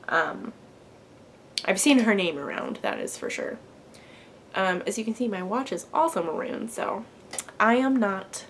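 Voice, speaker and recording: A woman's voice: medium pitch, slight background noise. A young woman in her twenties hosting a knitting podcast, chatting to camera at home in a bubbly, rambling way full of fillers. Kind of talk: casual chat to camera.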